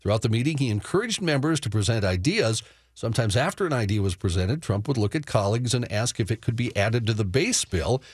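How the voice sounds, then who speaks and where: A man's voice: mid-range voice, animated, a little fast, breathy edge, no room sound. A man reading the news on a sports talk radio show, matter-of-fact and chuckling between stories, in a studio. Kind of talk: reading news updates with banter.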